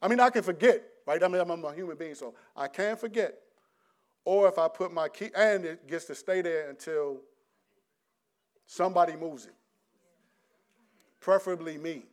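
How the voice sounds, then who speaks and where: A middle-aged man preaching a conversational sermon, often restarting his sentences and swinging between loud and hushed delivery. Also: fairly high pitch, normal speed, long pauses.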